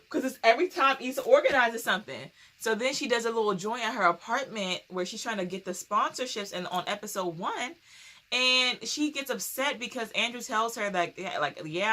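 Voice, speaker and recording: A woman's voice: a little high, pushed and bright. A young woman hosting a casual TV recap, talking in an emphatic, slangy way and repeating her points for effect. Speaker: TV recap host.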